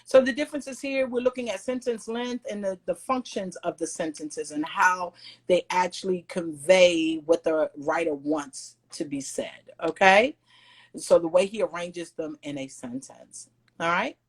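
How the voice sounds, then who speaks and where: A woman's voice: on the low side, a little slow. A female middle school teacher guiding her class, encouraging and giving instructions. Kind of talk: classroom lesson.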